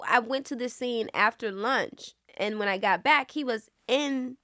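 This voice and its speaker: A woman telling stories from her work in a relaxed podcast conversation. She talks in an animated way, drops lots of fillers and acts out what others said. The sound is dry and close-miked. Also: on the high side, measured pace, dry recording. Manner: animated storyteller, many fillers, acts out quotes. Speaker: actress guest. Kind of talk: casual interview chat.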